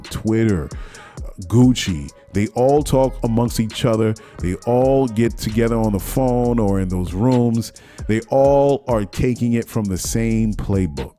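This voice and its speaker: Low, mellow man ranting with a cold. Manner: repetitive restarts, mocking quoted voices. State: has a cold, sniffling. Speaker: podcast host. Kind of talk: solo commentary rant.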